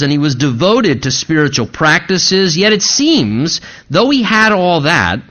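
Pastor, middle-aged man, fairly high voice, earnest preaching, dull lo-fi church recording. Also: fairly bright tone. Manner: earnest, rises in pitch when stressing points. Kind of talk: sermon.

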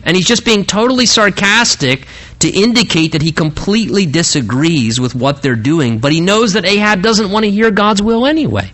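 A man's voice: sits high, normal speed, fairly bright tone. A man preaching a conversational sermon, often stammering and restarting his phrases. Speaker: pastor. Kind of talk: sermon, Bible teaching.

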